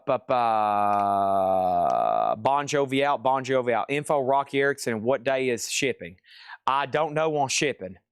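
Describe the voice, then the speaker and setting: Titles and prices tumble out quickly as a man hosts a live-stream record sale, his excitable patter full of exclamations. His mid-range voice is dry and close, without any echo or room sound.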